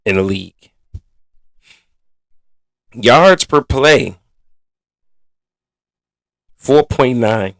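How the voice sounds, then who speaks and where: This clean, echo-free recording features a man with a medium-pitched, slightly bright voice. He hosts a sports podcast, talking casually, bluntly and with exasperation, and his speech is packed with colloquial slang.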